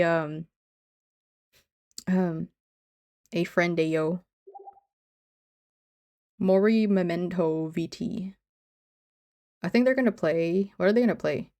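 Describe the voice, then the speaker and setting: A woman's voice: on the low side, a little mellow. A woman streamer chatting casually with her viewers in a teasing, giggly way, often saying she's only kidding.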